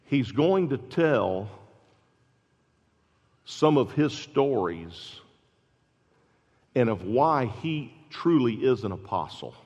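A pastor preaching a sermon, building to loud, emphatic exclamations. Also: male voice, mid-range voice, very animated, slow, long pauses. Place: church sanctuary. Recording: dull sound with long hall reverb.

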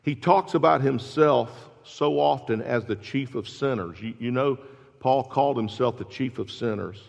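Preacher in a reverberant church. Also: male voice, medium pitch, moderate pace, gravelly. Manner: emphatic, rising to loud exclamations. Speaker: pastor. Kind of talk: sermon. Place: church sanctuary. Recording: dull sound with long hall reverb.

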